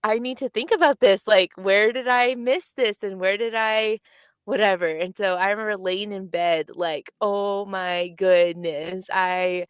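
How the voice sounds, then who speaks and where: A young woman co-hosts a casual book chat, and her voice comes through smooth and clean. She tells her stories with energy and jumps up high when she acts out what people said. The sound is dry and close, with no room around it. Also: normal speed, no echo. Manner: animated storytelling, acts out quotes with big pitch jumps. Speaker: podcast co-host.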